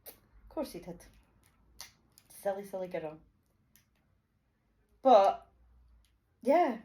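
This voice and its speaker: A woman's voice: mid-range voice, sing-song, drawn-out words, dark tone. A young woman telling a chaotic storytime to camera, chatty and swearing, with dramatic outbursts. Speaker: vlogger. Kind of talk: storytime monologue.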